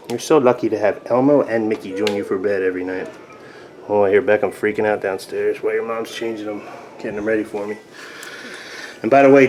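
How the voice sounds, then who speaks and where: A father narrates a casual family vlog on a handheld camera, his voice sitting low and easy with lots of playful baby talk aimed at his boys. The home video carries a clear bed of background noise. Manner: playful sing-song baby talk with his toddlers, hushed and tender at bedtime. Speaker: father filming his sons. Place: family home, party then bedroom.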